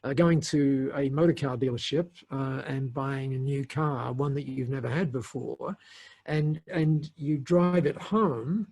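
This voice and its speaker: A man's voice: mid-range voice, unhurried, a little mellow, husky. A middle-aged man on a podcast, telling a story in a casual, rambling way with many restarts and fillers and frequent laughs. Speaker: podcast guest, entrepreneur.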